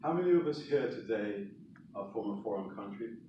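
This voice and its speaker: A man's voice: lowish voice, animated, brisk, highs cut off, noisy background. A man with an English accent giving a storytelling speech, chatty and putting questions to his audience. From England. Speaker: speaker. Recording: echoey hall, mic far off.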